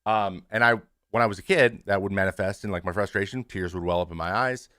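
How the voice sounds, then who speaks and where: A man in his thirties, a former pitcher hosting his show, speaking frankly and casually to his stream audience, with swearing and many restarts. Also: fast, bright, forceful tone, no room sound, studio quality.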